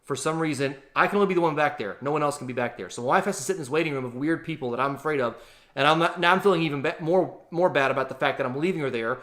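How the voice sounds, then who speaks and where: A man telling a travel story in a casual, animated, exaggerated way to his vlog audience. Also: fairly high pitch, racing. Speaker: vlogger.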